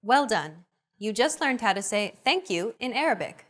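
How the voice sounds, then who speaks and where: Lesson host: young woman, lively pitch, bright and clear delivery. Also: normal speed. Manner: upbeat, clear teaching delivery. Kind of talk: scripted instructional narration.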